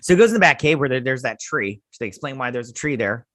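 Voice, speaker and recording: A man's voice: medium pitch, lively intonation, quick pace, a bit bright, dry recording. Guy ranting sarcastic about a tv episode, voice jumps all over, dry close sound. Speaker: host. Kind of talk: casual TV episode review.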